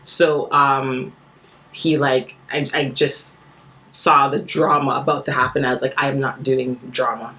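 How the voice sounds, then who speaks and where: A woman in her thirties talks as a podcast guest with a notably low voice. She tells her stories earnestly and with animation, and she laughs easily along the way. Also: little pitch movement, unhurried, pushed and bright. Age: 30s. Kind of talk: casual chat.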